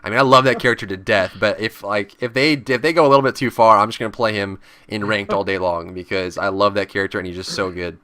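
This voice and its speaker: A man's voice: fast talker, hardly any pauses, smooth, dry recording, studio quality. A man in casual gaming chat, talking about patch changes and acting out panicked players now and then. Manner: animated, acts out panicked players in high voices.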